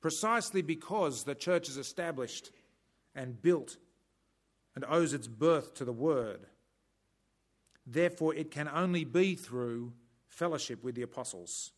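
A man preaching a sermon in a measured, emphatic way, breaking off now and then for dry humorous asides. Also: on the high side.

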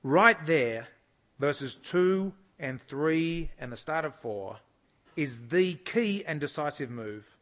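A man preaches an expository sermon, his voice sitting a little higher than most men's. He reads passages slowly and stops often to explain them. His delivery stays measured, with firm emphasis on key words. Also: animated, fairly bright tone. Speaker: conference speaker teaching the Bible.

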